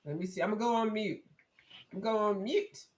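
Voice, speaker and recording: A woman co-hosting a livestream in casual chat, animated, breaking into high put-on voices when she retells old ads. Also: fast, a crowd in the background. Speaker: livestream co-host.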